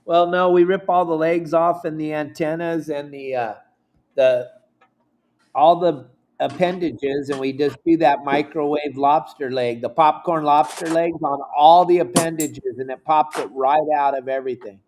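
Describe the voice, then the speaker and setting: A man's voice: a little high, steady tone, moderate pace, darkish tone, a little hiss or hum. A man hosting a livestream in casual chat, easygoing and passing along viewer questions. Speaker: livestream host.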